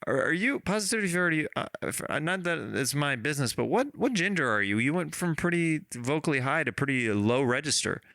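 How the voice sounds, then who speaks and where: A man hosting a podcast in casual chat, laughing often and halting with fillers. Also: fairly high pitch, expressive, pushed and bright, dry recording, studio quality. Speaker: podcast host.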